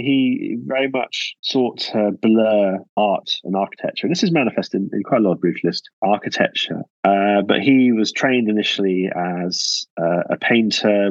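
A man's voice: on the low side, no room sound, lo-fi sound. A man answering interview questions about architecture, thoughtful and full of restarts and fillers.

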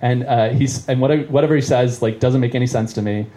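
A man's voice: mid-range voice, fairly even intonation, fast talker, mellow. A man doing stand-up, telling a long story in a rambling, self-interrupting way and chuckling at it as he goes. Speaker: comedian. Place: live venue.

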